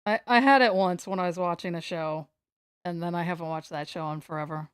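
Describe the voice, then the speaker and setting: Sitting on the floor at home, an American woman chats casually on a livestream, rambling, playful, and joking at her own expense. Her voice is on the low side with a steady tone, brisk and smooth, in clean studio sound with no room sound.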